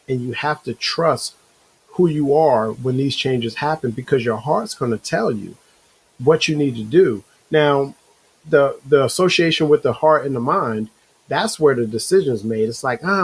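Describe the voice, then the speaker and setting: Husky-voiced man hosting a casual talk show. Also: medium pitch, measured pace, rough recording. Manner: animated, rambling, acts out inner voices. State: slight cough. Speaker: show host.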